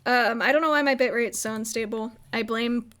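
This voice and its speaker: Young woman, livestream chat, rambling, laughs often, a bit high-pitched. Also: steady tone, moderate pace, a bit bright. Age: young adult. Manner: rambling, giggly, lots of filler "like". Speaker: streamer recapping a roleplay server.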